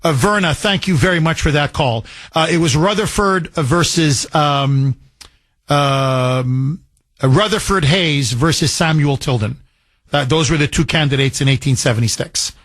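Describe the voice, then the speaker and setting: A man's voice: on the high side, measured pace, fairly bright tone, no echo. A man hosting a call-in political talk radio show, talking emphatically with repeated phrases and rambling asides.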